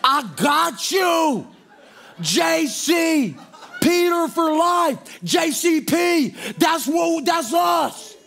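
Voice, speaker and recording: A man preaching, voicing a brash young Peter who brags loudly in slang. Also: extremely high pitch, animated, very slow, voice pushed up, exaggerated voice. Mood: boastful. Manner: loud slangy bragging.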